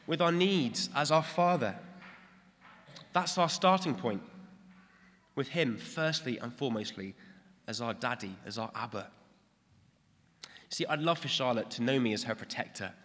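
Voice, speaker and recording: Young british guy preaching, earnest and reflective, lots of hall echo. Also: medium pitch. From Britain. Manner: warm, earnest, reflective storytelling. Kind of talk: sermon with personal stories. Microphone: stage mic, later handheld. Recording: long reverb in a large hall.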